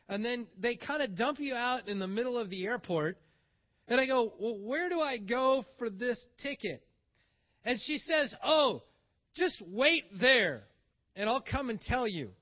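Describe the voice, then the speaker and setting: A man telling a travel story in a casual, animated way, acting out the lines of the people he meets. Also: very high-pitched, muffled recording. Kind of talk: casual spoken anecdote.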